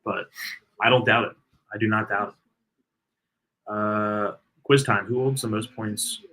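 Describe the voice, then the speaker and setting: Man, live watch-party co-host, bright tone, casual and analytical stat talk. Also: on the low side, fairly even intonation, a little slow, poor audio. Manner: reads out player stats, analytical. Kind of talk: casual live sports chat.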